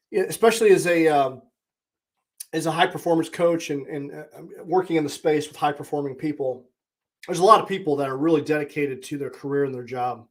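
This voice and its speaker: A man's voice: fairly high pitch, a little fast, fairly bright tone. A man in his forties, a podcast host and coach, giving a candid, plainspoken monologue with blunt mild swearing. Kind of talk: casual reflective monologue.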